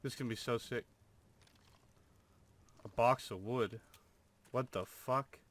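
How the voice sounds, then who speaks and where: A man's voice: medium pitch, fairly even intonation, a little slow, a bit bright. A young man commentating his own gameplay, full of over-the-top amazement and swearing. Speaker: gamer.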